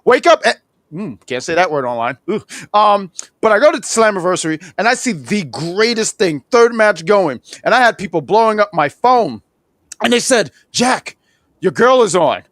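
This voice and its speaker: A man's voice: high voice, moderate pace, no room sound, clean studio sound. A man in his thirties co-hosting a casual wrestling review show, telling rambling, laughing stories. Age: 30s. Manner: animated, rambling storytelling with laughs. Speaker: podcast co-host.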